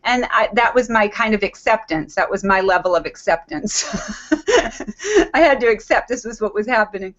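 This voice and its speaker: A woman's voice: mid-range voice, a little fast, few pauses, fairly bright tone, muffled recording. A middle-aged woman giving an earnest motivational talk on a group call, repeating herself and laughing often.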